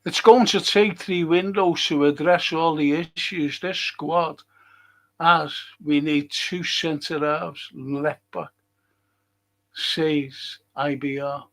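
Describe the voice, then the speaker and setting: A man's voice: on the high side, steady tone, slow, a bit bright, low-quality recording. A man hosting a casual livestream chat, reading out viewer comments and ranting bluntly with plenty of swearing. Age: older.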